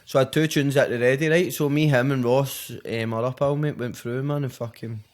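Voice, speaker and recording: A man's voice: medium pitch, fairly even intonation, a little fast. A man with a Glaswegian Scottish accent, a podcast guest telling a story in a rambling, slangy way full of swearing and fillers. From Scotland, Glasgow. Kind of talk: casual storytelling chat.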